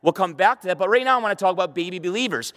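A middle-aged male pastor with a high voice preaches with emphasis, doubling up words as he goes and firing questions at his listeners. His voice rings out through a church hall with a long reverb tail. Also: animated, very fast, a bit bright. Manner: emphatic, repeats words, rhetorical questions to the audience. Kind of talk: sermon. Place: church hall with a live audience.

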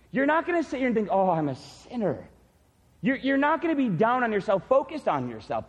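Earnest high-voiced male pastor preaching. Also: slightly rough, in a large hall. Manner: earnest, self-deprecating, spells out words slowly. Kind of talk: sermon. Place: church.

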